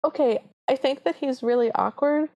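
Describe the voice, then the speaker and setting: A woman's voice: high-pitched, normal speed, muffled recording. A woman co-hosting a podcast, casually recapping a film and acting out its lines as she retells the scenes. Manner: animated retelling, quotes characters in a lightly changed voice. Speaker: podcast co-host.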